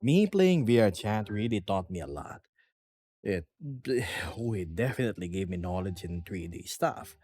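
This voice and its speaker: A young man streaming from his small apartment, chatting casually with viewers and reading their comments aloud in a lively, self-deprecating way. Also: fairly low pitch, moderate pace, husky. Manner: animated, self-deprecating, reads chat aloud. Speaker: VTuber streamer. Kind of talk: casual livestream chat.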